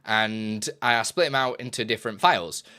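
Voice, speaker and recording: A man's voice: on the low side, normal speed, sharp tone. A man chatting casually on a live stream, rambling and correcting himself as he explains his setup, often laughing.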